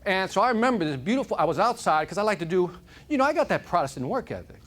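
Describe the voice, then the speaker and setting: A man from Chicago giving an energetic, joking motivational keynote to a live audience, often checking in with "right?". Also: high voice, fast. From Chicago, United States. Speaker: motivational speaker. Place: conference room with audience.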